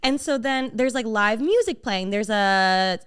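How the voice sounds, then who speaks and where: Animated young woman telling a story. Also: a little high, unhurried, smooth. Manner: animated, quotes people in shifting voices, many "like" fillers. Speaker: podcast co-host. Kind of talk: casual storytelling chat.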